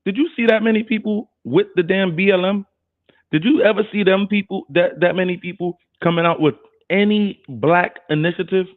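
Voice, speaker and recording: A man's voice: sits high, normal speed. A man giving casual ranting commentary on a stream, firing rhetorical questions at his viewers. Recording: tinny phone-like audio.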